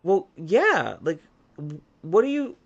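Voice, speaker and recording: A man voicing a blunt, bratty ten-year-old boy in a high, whiny voice. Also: wildly swooping pitch, takes it slowly, vocal fry, lo-fi sound, heavily acted. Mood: accusing.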